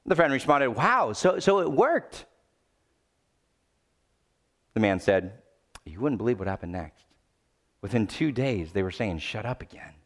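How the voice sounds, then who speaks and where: A male pastor preaching a sermon, swinging between loud urgent pleading and low, quiet emphasis. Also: very animated, unhurried, long pauses.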